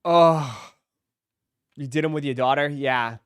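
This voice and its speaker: A man hosts a relaxed live stream, unhurried and quick to laugh at what he watches. His voice sits a little high and comes through smooth and clean. The sound is dry and close, with no room around it. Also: dry recording. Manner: laughs often, playful reactions. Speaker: livestream host. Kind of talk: casual live reaction chat.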